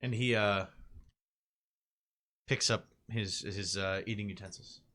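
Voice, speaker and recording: Game master, male, bright voice, relaxed narrator with plenty of fillers. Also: lowish voice, slow pace. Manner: loose and casual, with frequent fillers.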